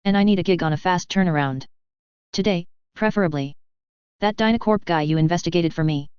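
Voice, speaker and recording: A woman narrating a first-person story in an audiobook with a steady, even reading. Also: on the low side, a little fast, smooth, dry recording. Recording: dull, lo-fi and dry.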